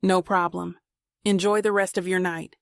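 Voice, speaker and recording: Steve, a woman reading a relaxed husband. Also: fairly low pitch, moderate pace, creaky, no echo, studio quality. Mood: polite. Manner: relaxed, joking, casual speech. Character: laid-back grown man, playful husband.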